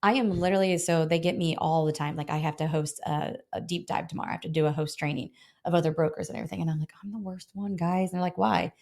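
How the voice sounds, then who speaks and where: Fast-talking woman broker telling stories. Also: sits low, gravelly. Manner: animated, acts out both sides of phone calls. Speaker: health insurance broker, guest. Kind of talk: casual interview storytelling.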